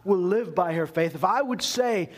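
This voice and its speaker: A man from Canada preaching a sermon in a conversational, animated way, full of rhetorical questions. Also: high voice, normal speed. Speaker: pastor.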